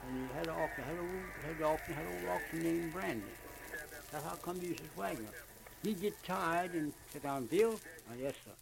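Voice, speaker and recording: An older man with a Southern US accent, talking in a rambling, repetitive, halting way as he recounts his memories for an oral history. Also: on the high side, vocal fry. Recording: noisy old archival recording.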